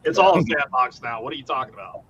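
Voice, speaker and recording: A man's voice: medium pitch, animated, fast, a bit bright, breathy edge. A man hosting a casual group chat on a stream, joking around and swearing freely. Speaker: show host. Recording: dull lo-fi audio.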